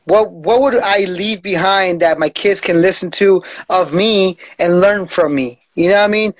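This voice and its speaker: Man, forties, podcast host, laid-back, slangy, high voice, dry close sound. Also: normal speed, no room sound. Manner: laid-back, slangy, says "bro" often. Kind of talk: casual conversation.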